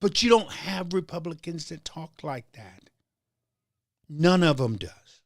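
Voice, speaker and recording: A man's voice: fairly high pitch, animated, slow, no echo, clean studio sound. A man hosting a political talk show, delivering a heated commentary monologue with stammered restarts and a preacher-like rhythm. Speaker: show host.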